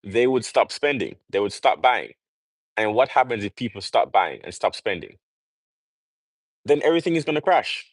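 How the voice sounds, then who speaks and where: A man's voice: mid-range voice, animated, moderate pace, long pauses, no room sound, rough recording. Jamaican-born man preaching on a livestream. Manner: preachy, rhetorical questions, emphatic. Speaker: livestream host. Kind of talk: casual livestream monologue.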